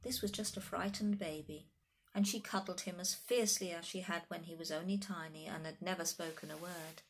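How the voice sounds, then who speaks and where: A woman reading a children's story aloud in an expressive, animated storytelling manner. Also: on the low side, fairly quick, slight background noise.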